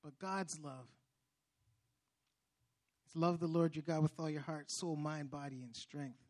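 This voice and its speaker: A young man giving an earnest testimony sermon, preacherly, with restarts and loud emphatic bursts. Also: fairly high pitch, steady tone, unhurried.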